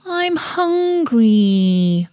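A woman voicing an excitable, whiny young girl in a storybook reading, with a shrill childish delivery. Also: extremely slow, no room sound, full character voice.

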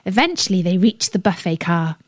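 A woman reading a children's story aloud on a radio show, gentle and expressive. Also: fairly low pitch, fairly quick, no echo.

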